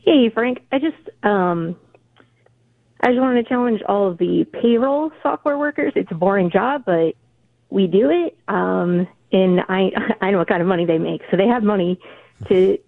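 A woman calling in to a radio show, hesitant and a little emotional, with halting fillers. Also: mid-range voice, creaky, no echo. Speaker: caller. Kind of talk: radio call-in. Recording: tinny phone line.

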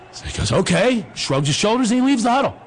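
A middle-aged man hosting a talk show, telling a comic story in an animated, jokey way. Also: very high-pitched. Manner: animated, jokey storyteller who acts out the voices. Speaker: host.

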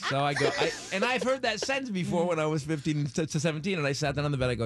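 A man's voice: a little high, animated, rapid-fire, fairly bright tone. A man in his forties telling a comic story, with stammering restarts and acted-out voices. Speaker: comedian telling a story on a podcast.

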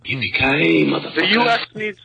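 Man, phone-in caller, bright tone, slightly high, hesitant earnest talk. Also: expressive, very slow, creaky, breathy edge, dry recording, highs cut off. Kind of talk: phone-in chat.

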